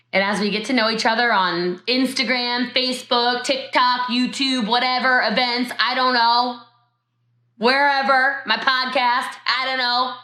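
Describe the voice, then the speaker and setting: A woman's voice: fairly high pitch, pushed and bright, reverberant. A woman giving a motivational talk on network marketing over a video call from her home, emotional and laughing as she speaks straight to her viewers.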